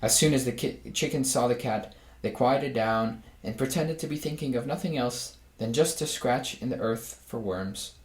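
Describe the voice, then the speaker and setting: In an echoey room, a man with a mid-range voice reads a children's storybook aloud, unhurried and measured. He brings it to life by doing voices for the animals.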